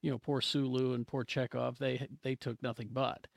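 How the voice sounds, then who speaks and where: Gravelly man podcast co-host, joking. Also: mid-range voice, level tone, moderate pace, no echo, studio quality. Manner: wry, joking asides. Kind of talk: casual chat.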